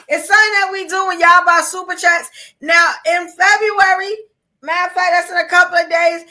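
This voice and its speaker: Very high, bright-voiced woman podcast host. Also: gravelly. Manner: animated, slangy, reads super chats aloud. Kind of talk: casual live-stream chat.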